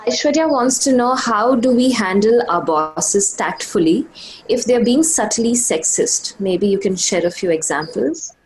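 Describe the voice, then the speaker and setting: A woman's voice: mid-range voice, lively intonation, unhurried, a little hiss or hum, rough recording. A woman moderating a webinar, reading out audience questions and thanking the speaker.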